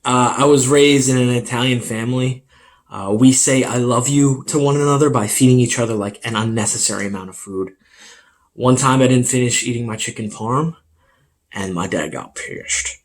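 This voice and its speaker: A man's voice: mid-range voice, moderate pace. Rambling young stand-up comedian man. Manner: rambling, filler-heavy, self-deprecating delivery.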